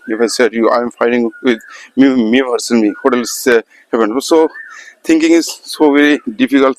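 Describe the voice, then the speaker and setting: A man teaching English, speaking haltingly with many pauses and non-native grammar in a casual motivational talk, standing outdoors at a festival ground. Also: medium pitch, dry recording.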